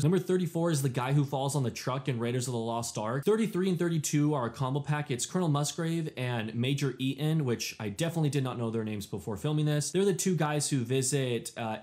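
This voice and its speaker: A man's voice: mid-range voice, darkish tone. A young man hosting a casual ranking video, offhand and self-deprecating, often trailing off at the end of a thought. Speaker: movie ranking host. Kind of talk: casual list commentary.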